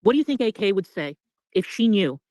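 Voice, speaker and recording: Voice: medium pitch, very animated, a little fast, darkish tone, no echo, rough recording. A confrontational speaker ripping into someone in a heated call-out, profane and accusatory. The sound is dry and close, with no room around the voice.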